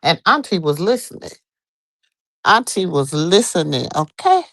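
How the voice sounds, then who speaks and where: Middle-aged woman co-host, chatty storyteller, lively swooping pitch, dry close sound. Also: a little slow, dry recording. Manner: animated storyteller, acts out quotes. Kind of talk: casual late-night chat.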